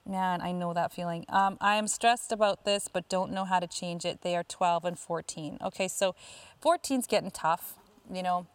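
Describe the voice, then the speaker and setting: A woman coaching parents in a casual talk, answering listener questions and often pausing with fillers and restarts. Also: lowish voice, fairly even intonation, clean tone, no room sound. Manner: chatty, lots of fillers and restarts.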